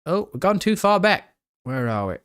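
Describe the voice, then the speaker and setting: A man's voice: sits high, sing-song, moderate pace, fairly bright tone, clean tone. A young man hosting a live stream, chatting with his viewers and reacting to a trailer in a jokey, rambling way. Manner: chatty, jokey, talks to chat, breaks into laughter.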